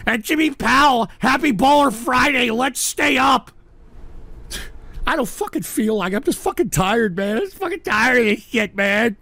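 A man hosting a live call-in stream, ranting and shouting with profanity, choked up and tearful. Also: very high-pitched, expressive, normal speed, dry recording. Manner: shouting, profane, whiny and fed up.

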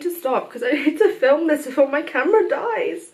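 A young woman talks straight to her camera at home in a casual, open life update. Her voice sits a little high, and she fills the gaps with "um" and "like" and breaks into laughter often. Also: expressive, moderate pace, few pauses, a little mellow. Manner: chatty, open, laughs often, many fillers. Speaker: vlogger.

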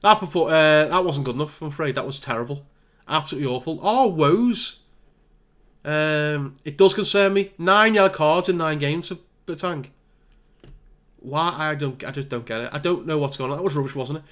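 A man's voice: a little high, a little fast. Exasperated man calling a game. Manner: exasperated, animated play-by-play. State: hay fever. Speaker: gaming YouTuber. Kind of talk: live game commentary.

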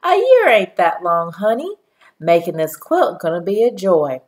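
A woman voicing a warm, proud elderly grandmother who speaks in a folksy dialect with slow, emphatic phrasing. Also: lowish voice, sing-song.

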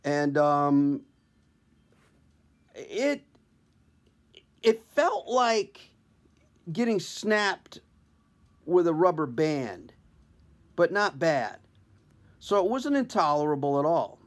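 Brief: male comedian, self-deprecating storyteller, slightly high voice, casual. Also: big pitch swings, very slow, long pauses. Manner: wry, conversational, self-deprecating. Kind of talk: comic personal storytelling to camera.

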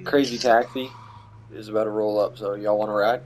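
A man's voice: on the low side, fairly even intonation, fairly quick, slight background noise, poor audio. A young man hosting casual gaming commentary, joking and teasing his friends over a headset mic on a voice call. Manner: joking, playful banter. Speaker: gaming channel host.

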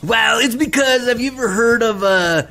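A man's voice: very high voice, moderate pace, faint music behind. A man co-hosting a podcast from a hot back room, joking and swearing as he rants. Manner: joking, swears freely, bursts into animated rants. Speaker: podcast co-host. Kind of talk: casual podcast chat. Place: uninsulated back room with fan and window open.

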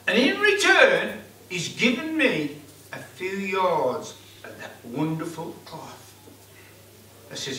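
A man's voice: sits high, sing-song, takes it slowly, bright, forceful tone, slight background noise. A man with a Black Country accent telling a comic tale live in a folk club, in broad colloquial dialect and acting out the characters. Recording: echoey club room, far mic.

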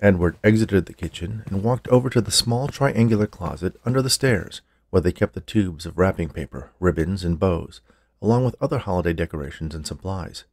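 A man's voice: deep voice, lively intonation, a little fast, darkish tone, no room sound. A man reading a scripted story aloud with a theatrical delivery.

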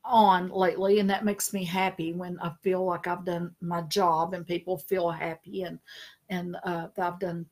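With a lowish voice at normal speed, a middle-aged woman chats on a live stream as a spiritual consultant. She tells lots of stories, laughs often, and enjoys doing lively, funny voices.

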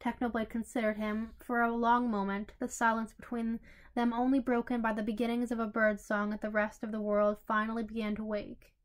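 Lady reading a fanfic out loud, even pace, few little stumbles, higher voice. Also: fairly quick. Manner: even, with small slips and restarts. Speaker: story reader. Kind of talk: fanfiction audiobook narration.

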